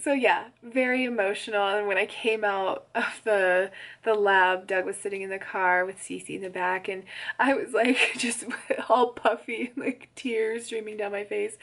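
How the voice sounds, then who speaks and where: A young woman telling a story in a casual vlog, chatty and quick to laugh, full of "like" fillers. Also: medium pitch, a bit bright. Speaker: pregnancy vlogger.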